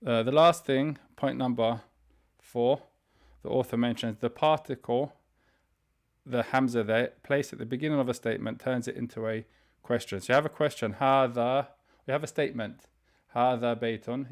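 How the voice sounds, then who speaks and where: A man teaching an online beginner's language class, explaining grammar step by step and reading vocabulary slowly for students to repeat. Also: medium pitch. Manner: explains step by step, reads words slowly for repetition; frequent fillers and restarts, conversational. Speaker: Arabic teacher.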